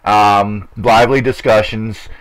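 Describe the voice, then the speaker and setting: A man's voice: lowish voice, steady tone, slow, rough recording. A middle-aged man hosting a racing chat show, rambling and repeating himself in casual talk.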